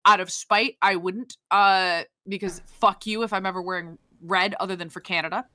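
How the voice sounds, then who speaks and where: Young woman cohost ranting casually, bright voice, lots of swearing and false starts. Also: mid-range voice, normal speed. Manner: animated, swears a lot, many restarts. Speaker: podcast co-host. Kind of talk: casual chat.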